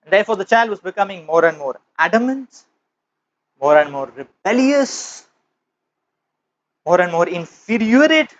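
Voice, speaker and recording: In a spiritual lecture, a male teacher tells a parable, his phrasing slow, emphatic and measured. His voice is high and swings widely in pitch. The recording is dull and lo-fi.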